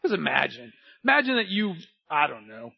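A man preaching a sermon with an emphatic, repetitive cadence that builds to shouting. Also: on the high side, sing-song, normal speed, gravelly, breathy edge. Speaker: pastor. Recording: dull lo-fi sound.

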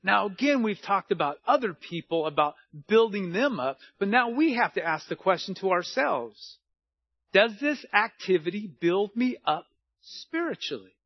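Pastor guy preaching, pretty high voice, tells stories and jokes on himself, dry muffled sound. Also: very animated, moderate pace, dry recording. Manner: conversational preaching with personal anecdotes and self-deprecating humor. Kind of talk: sermon.

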